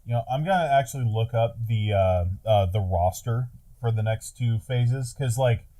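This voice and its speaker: A man's voice: medium pitch, moderate pace, mellow. A man in casual podcast chat who laughs easily, swears freely and acts out jokes.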